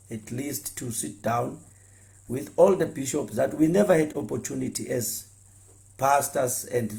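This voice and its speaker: A former pastor, speaking earnestly and repeating himself, stumbling over words when heated. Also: male voice, medium pitch, creaky, dark tone. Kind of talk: impassioned spoken address.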